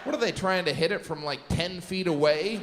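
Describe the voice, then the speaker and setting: A middle-aged man performing stand-up comedy on stage, deadpan and self-deprecating. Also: sits high, brisk, background noise. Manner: deadpan, self-deprecating, dips into character voices. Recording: long hall reverb, loud ambience.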